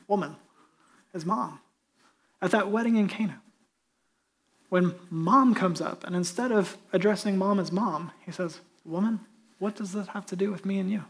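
A male pastor giving a conversational sermon that rises to emphatic, louder peaks. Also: high-pitched.

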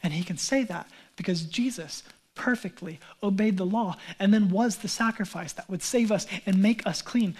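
A male pastor preaching a sermon in a conversational, animated way, with casual asides. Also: high voice, brisk.

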